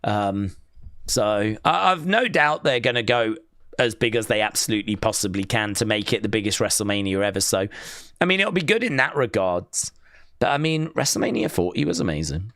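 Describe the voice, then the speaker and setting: A man's voice: lowish voice, expressive, brisk, fairly bright tone, dry recording. A man hosting a live wrestling watch-along, reading chat and riffing with dry sarcasm and lots of fillers. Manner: sarcastic, jokey, rambling with fillers.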